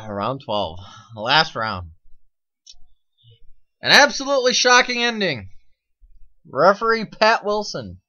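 A man's voice: a little high, wildly swooping pitch, takes it slowly, pauses often, sharp tone, dull audio. A man co-hosting a casual podcast, giving matter-of-fact round-by-round scoring. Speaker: co-host.

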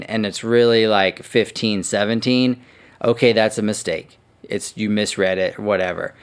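A man's voice: lowish voice, smooth. Profane, fired-up male podcast host. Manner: worked-up ranting, profane, quick to sarcasm. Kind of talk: casual solo podcast talk.

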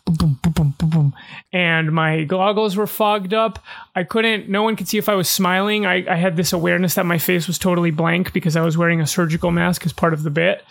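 High, gravelly young man. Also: steady tone, brisk, fairly bright tone. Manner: earnest, hedging, talks in fragments. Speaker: podcast co-host, comedian. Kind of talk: casual chat.

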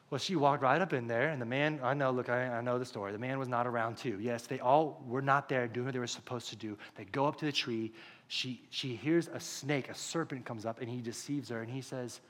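A young man preaching a conversational, animated sermon full of stories. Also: a little high, a little fast. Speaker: pastor.

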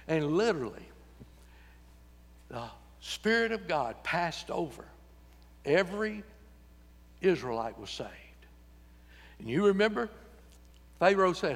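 A man's voice: on the high side, big pitch swings, unhurried, pauses often, fairly bright tone, breathy edge, long reverb tail. A man preaching a sermon in a church, folksy and joking, acting out voices when he quotes people. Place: church sanctuary.

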